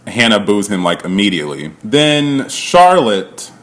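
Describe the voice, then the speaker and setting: Chatty lower-voiced man recapping casually. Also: sing-song, measured pace, a bit bright. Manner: chatty, laughs often, swears casually, heavy use of "like". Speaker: reality show recap vlogger.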